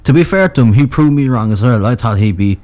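A man's voice: medium pitch, expressive, quick pace, mellow. A man chatting casually about football as a co-host, talking hesitantly with many restarts.

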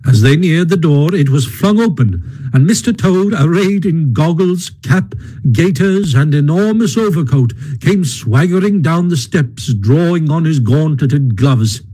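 Mellow, husky male storyteller. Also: fairly high pitch, animated, low-quality recording. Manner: measured storytelling, occasional stumbles. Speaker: narrator. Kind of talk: audiobook narration.

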